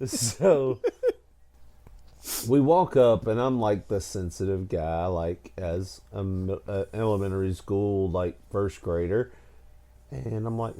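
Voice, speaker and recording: A man's voice: lowish voice, takes it slowly, warm tone. A man co-hosting a casual podcast, telling funny childhood stories with frequent laughter and a tired, stammering delivery. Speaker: podcast co-host. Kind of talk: casual storytelling chat.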